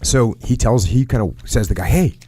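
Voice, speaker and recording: A man's voice: medium pitch, brisk, dark tone, breathy edge, no echo. A man hosting a podcast, telling a military training story casually with lots of jargon and restarts. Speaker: podcast host.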